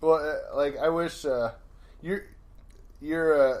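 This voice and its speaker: A man co-hosting a podcast in casual chat, speaking haltingly with many fillers and restarts while he encourages his friend. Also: fairly high pitch, darkish tone. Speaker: podcast co-host.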